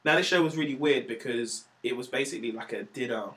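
A young man, a stand-up comedian chatting casually and telling animated, slangy stories, acting out the voices of the people in them. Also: mid-range voice, fast. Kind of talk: casual storytelling chat.

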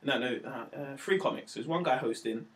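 A man, a comedian telling stories in a casual chat, animated and slangy, acting out quotes in a raised voice. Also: mid-range voice, normal speed. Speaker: comedian guest.

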